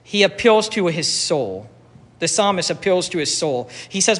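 A man preaching a sermon, slow and emphatic, repeating key phrases for weight. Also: sits high, sing-song, a bit bright, in a large hall. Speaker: pastor.

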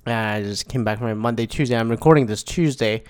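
A man's voice: medium pitch, fairly quick, clear, resonant tone. A young man hosting his own podcast in casual solo chat, rambling and swearing, with lots of fillers and restarts. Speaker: podcast host.

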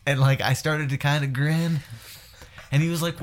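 A man's voice: a little high, moderate pace, slight background noise. A man hosting a podcast, telling a wild story casually, swearing a lot and laughing as he goes. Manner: profane, laughing, animated retelling. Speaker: podcast host.

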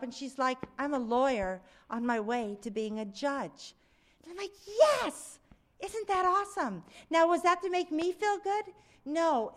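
A middle-aged woman preaching in a conversational, animated way, with sudden excited exclamations. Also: sits high. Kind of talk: sermon.

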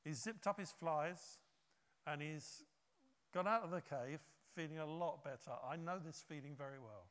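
A man preaching a sermon, telling a story with lively acted-out quotes. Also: on the high side, normal speed, big-room sound. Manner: animated storytelling, acts out quotes.

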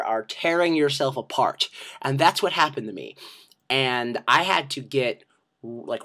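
A man hosting a podcast, telling a comic personal story in a profane, self-mocking and animated way. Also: a little high. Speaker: podcast host.

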